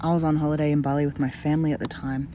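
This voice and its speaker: A woman's voice: flat delivery, racing, dark tone, slight background noise. Chatty woman gossiping. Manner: chatty, gossipy, lowers voice at times. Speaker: commentator. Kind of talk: casual commentary.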